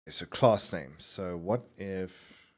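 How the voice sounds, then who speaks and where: A man streaming a game and chatting casually. He rambles with many restarts, swears freely and speaks with clear enunciation. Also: low voice, slow pace.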